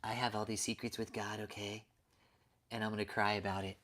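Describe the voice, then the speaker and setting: A man's voice: on the low side, level tone, brisk, fairly bright tone, close to an everyday voice. A man putting on a mocking parody of a whiny, self-pitying male cult leader.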